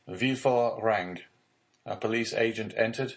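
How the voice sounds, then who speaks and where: A man narrating a classic novel as an audiobook reader, in measured, even storytelling. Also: lowish voice, rough recording. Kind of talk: scripted narration.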